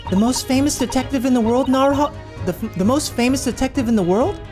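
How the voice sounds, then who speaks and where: A man's voice: very high voice, fast. A man voicing a polite, earnest young woman assistant from a game, with a proper, indignant way of talking. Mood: eager. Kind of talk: reading game dialogue aloud. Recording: game music playing behind.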